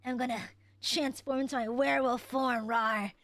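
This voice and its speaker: A woman voicing a flirty, deep-voiced "zaddy" man who growls and claims to be turning into a werewolf, teasing and drawn-out. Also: steady tone, a bit bright. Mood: mock angry.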